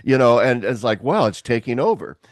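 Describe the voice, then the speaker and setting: Man, podcast host, animated storyteller, acts out voices, laughs often, dry close sound, video call. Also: medium pitch, brisk, dry recording. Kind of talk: casual chat on a video call.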